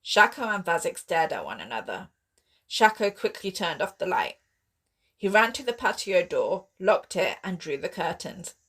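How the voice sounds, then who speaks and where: A woman author reading her own sci-fi horror novel aloud in steady, expressive audiobook narration. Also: lowish voice, moderate pace, husky.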